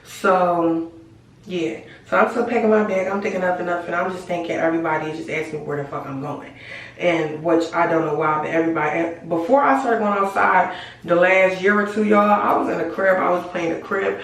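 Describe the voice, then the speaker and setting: Animated woman in a very echoey room. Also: on the low side, fairly quick, recorded from a distance. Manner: animated, slangy and profane, addresses viewers as y'all. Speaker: storytime vlogger. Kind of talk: casual storytelling to camera. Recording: very echoey room, voice away from mic.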